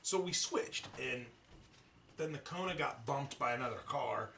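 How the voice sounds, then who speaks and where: Man, podcast host, cursing storyteller, bright voice, echoey room, mic off at a distance. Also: mid-range voice, measured pace, vocal fry, a little hiss or hum. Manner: profane, animated storytelling. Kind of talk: casual chat.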